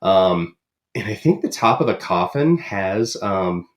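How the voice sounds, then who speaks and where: A man's voice: sits low, expressive, measured pace. A man co-hosting a podcast in casual chat, rambling with many ums and uhs. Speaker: podcast co-host.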